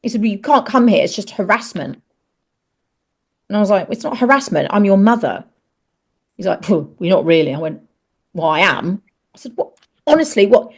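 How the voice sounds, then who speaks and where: A woman's voice: medium pitch, animated, normal speed, pauses often, husky. A middle-aged woman and actress, a podcast guest who candidly tells a personal story, frankly swearing and acting out the dialogue in raised voices.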